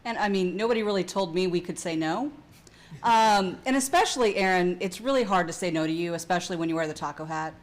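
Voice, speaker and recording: A woman's voice: on the low side, quick pace. A woman speaking as event co-chair, grateful and joking lightly.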